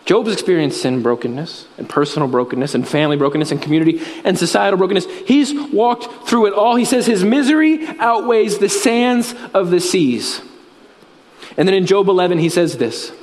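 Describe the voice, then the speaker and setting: A male pastor delivers a sermon in a strikingly high voice, telling a story and weaving in scripture with earnest conviction. His words carry a long hall reverb, as if spoken in a large church sanctuary. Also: expressive, a little fast, a little mellow.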